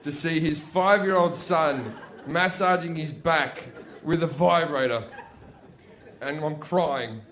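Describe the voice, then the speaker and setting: A man with an Australian accent telling profane, animated stories as a stand-up comedian. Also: fairly high pitch, slow, background noise. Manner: brash, profane, animated storytelling. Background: audience laughter.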